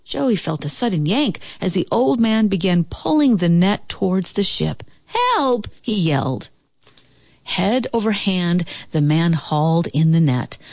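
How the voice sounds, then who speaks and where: A woman narrating a children's storybook aloud, expressive with dramatic pauses. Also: lowish voice, no room sound.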